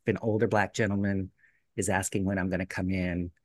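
Animated man telling a story. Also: deep voice, brisk, dry recording, clean studio sound. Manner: animated, acts out quoted voices. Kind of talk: casual storytelling chat. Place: residence in a gated community.

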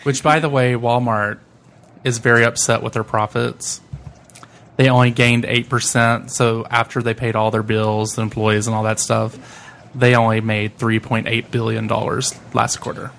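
A man's voice: mid-range voice, little pitch movement, normal speed, gravelly, fairly bright tone, slight background noise. A man in casual podcast chat, teasing the others with dry remarks.

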